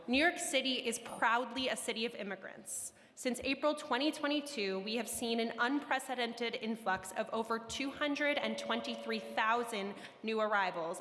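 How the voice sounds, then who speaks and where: A woman city official giving formal testimony at a council hearing, in a measured delivery of prepared remarks and figures. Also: a little high, fairly bright tone. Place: council chamber. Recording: long chamber reverb.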